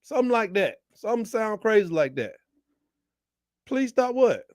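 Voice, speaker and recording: A man hosting a live football watch-along, shouting at big plays and talking in casual slang. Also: high-pitched, sing-song, moderate pace, dry recording, clean studio sound. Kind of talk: excited game-watch commentary.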